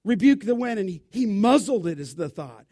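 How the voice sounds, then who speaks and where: A male preacher with a strikingly high voice, delivering a sermon. He talks in an animated, emphatic way and keeps it conversational, tossing rhetorical questions at his listeners. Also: moderate pace.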